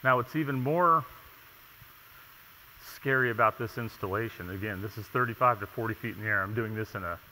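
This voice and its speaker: A man's voice: on the low side, fairly quick, sharp tone, slight background noise. A man giving a conference presentation on tile installation, talking emphatically with rhetorical questions and frequent checks of "okay?". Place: large conference hall. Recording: long hall reverb.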